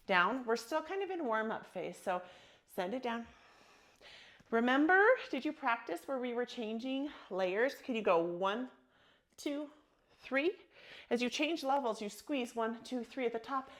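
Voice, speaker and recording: A woman's voice: a little high, animated, a little slow, fairly bright tone. Encouraging woman guiding a yoga class. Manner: soothing, encouraging, calls out breath cues. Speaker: yoga instructor. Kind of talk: guided yoga class cues.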